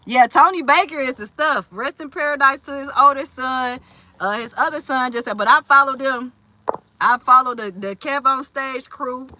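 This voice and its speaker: At normal speed, a woman in her forties with a high, sharp voice hosts a casual livestream, chatting in a loose, slangy way with many fillers. She reads viewer comments aloud and answers them.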